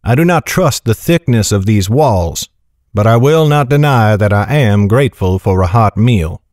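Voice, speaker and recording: A man voicing a grave, wise older knight who speaks in a measured, soft way. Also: lowish voice, dry recording, clean studio sound, lightly acted. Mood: grave, gentle. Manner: measured, calm, soft-spoken.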